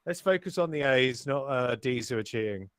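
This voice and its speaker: A man giving casual, excitable live race commentary, sweary and rambling with fillers. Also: mid-range voice, moderate pace, clear, resonant tone.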